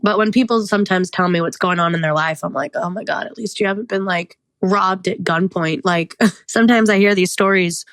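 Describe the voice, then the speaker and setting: A woman's voice: on the low side, fairly even intonation, normal speed, a bit bright, no echo. A woman in her thirties, the host, talking through her own life in a candid, rambling monologue, full of "like" and small laughs. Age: 30s. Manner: rambling and confessional, frequent "like" fillers, laughs often. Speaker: podcast host.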